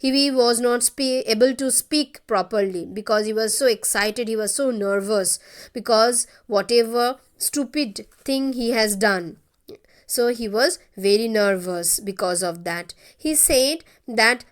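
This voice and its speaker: A woman with an Indian English accent teaches a short story, reading passages aloud and then retelling them plainly for her class. Her voice sits high. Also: measured pace. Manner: reads a passage, then retells it in simple words. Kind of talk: explaining a short story to students.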